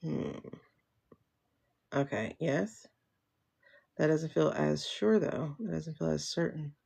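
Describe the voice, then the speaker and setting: Slow, gravelly woman musing aloud. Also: low voice, warm tone. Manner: muses aloud, asks questions and answers them herself; slangy and familiar, calls viewers child, girl, boo. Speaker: livestream host reading tarot. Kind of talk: casual livestream chat.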